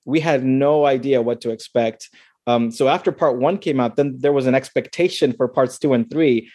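A man's voice: mid-range voice, normal speed, darkish tone, no room sound, clean studio sound. A man, a filmmaker, answering interview questions casually over a video call, rambling with many restarts and fillers.

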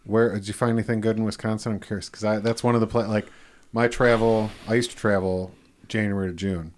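A man's voice: on the low side, fairly even intonation, fast talker, slight background noise. A man hosting a casual chat, talkative, laughing often and swearing casually.

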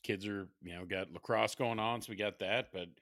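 A man's voice: on the low side, steady tone, moderate pace, a bit bright, no echo, clean studio sound. A man in his thirties co-hosting a podcast in casual chat, rambling and swearing, often laughing. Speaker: podcast co-host.

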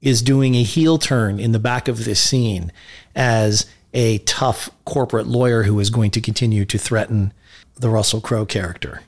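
A man's voice: fairly low pitch, steady tone, moderate pace, faint music behind. A man hosting a podcast, chatting casually about a film in an enthusiastic, rambling way with frequent restarts. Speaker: podcast host.

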